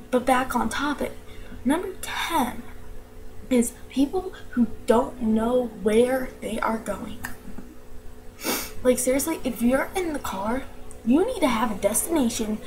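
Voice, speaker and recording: A young woman with a slight New York accent, ranting in a casual vlog, slangy and animated with lots of "like". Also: high voice, noisy background. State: allergies, tired.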